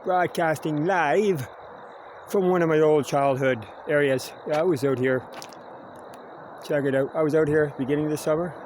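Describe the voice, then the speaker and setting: A chatty Canadian man with a slightly high voice rambles to his camera as he walks outside, adding "eh" to his sentences. A faint hiss of outdoor noise sits behind him. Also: moderate pace, a little mellow. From Kingston, Ontario, Canada. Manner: chatty, wandering, tags "eh" onto sentences. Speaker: vlogger. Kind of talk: rambling live vlog. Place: outdoors, walking near a quarry and cemetery.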